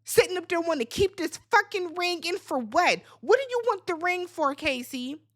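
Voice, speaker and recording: High-pitched woman ranting thru a reality show recap, super expressive, sassy, swears a lot. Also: moderate pace. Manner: blunt, sassy and profane; talks straight to the people on the show.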